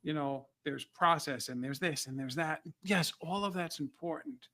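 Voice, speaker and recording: A man who is a podcast guest and motivational speaker, telling personal stories in an energetic, emotional way with frequent restarts. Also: a little high, moderate pace, no room sound, studio quality. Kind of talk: casual chat, personal storytelling.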